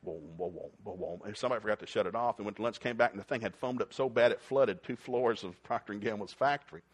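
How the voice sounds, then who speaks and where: Male preacher, animated storytelling, acts out voices and sound effects, mid-pitched. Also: fast talker. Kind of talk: storytelling sermon.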